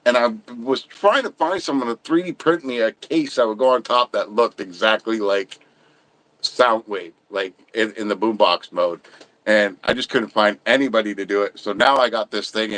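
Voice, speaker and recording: A man's voice: fairly low pitch, normal speed, a bit bright, rough recording. A middle-aged man hosting a livestream, chatting casually and ranting bluntly about his opinions. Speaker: livestream host.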